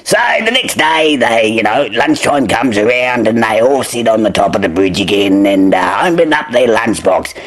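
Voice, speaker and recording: A man's voice: on the low side, animated, normal speed, few pauses, fairly bright tone. A drunk Australian man rambling through a crude joke, swearing freely and losing his place. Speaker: comedy podcast joke teller.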